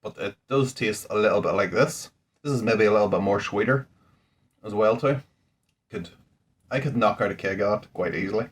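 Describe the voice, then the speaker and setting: A home brewer chats his way through a beer tasting, rambling and thinking aloud as he goes. His voice sits low and carries a husky grain. He talks indoors at home. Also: normal speed, long pauses. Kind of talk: casual beer-tasting vlog. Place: indoors at home under a ring light.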